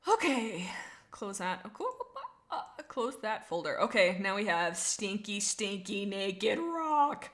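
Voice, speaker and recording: A woman's voice: mid-range voice, animated, measured pace, fairly bright tone. A young woman streaming casually, bubbly and giggly, rambling as she reads out viewer comments. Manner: bubbly, giggly and rambling, with many restarts and laughs. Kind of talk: casual livestream chat, reading out viewer comments.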